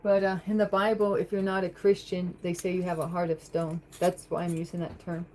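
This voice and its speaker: A woman's voice: fairly low pitch, little pitch movement, a little fast, a little mellow, a little hiss or hum, rough recording. A woman chatting on a livestream from her home, reading viewer comments aloud and answering them in a rambling way. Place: home, at the kitchen sink.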